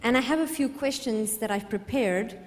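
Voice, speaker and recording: A woman's voice: on the high side, normal speed, a little hiss or hum. A woman from South Africa moderating a conference panel, friendly and a bit hesitant. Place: large conference hall. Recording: reverberant hall.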